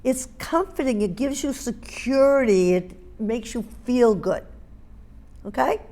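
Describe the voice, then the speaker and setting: A woman's voice: on the high side, lively intonation, unhurried, dark tone. A middle-aged woman teaching dog training, speaking emphatically, repeating key points and checking in with her listeners. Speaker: dog grooming and training instructor. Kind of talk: hands-on teaching demonstration.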